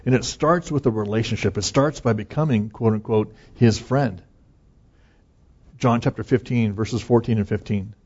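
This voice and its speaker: Pastor, man, husky tone; earnest conversational preaching with light chuckles, muffled low-fi sound. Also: dark tone. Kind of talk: conversational sermon.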